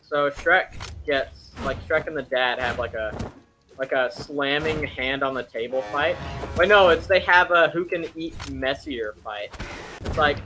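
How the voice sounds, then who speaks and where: A man's voice: a little high, measured pace, pushed and bright, faint music behind. A young man casually retelling a film plot, rambling and joking, with lots of fillers and self-corrections. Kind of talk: casual chat.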